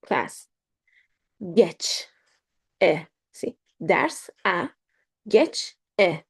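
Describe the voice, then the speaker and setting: A woman teaching a beginner pronunciation lesson, speaking slowly and carefully, repeating words with frequent ums. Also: on the low side, creaky, husky. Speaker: language teacher.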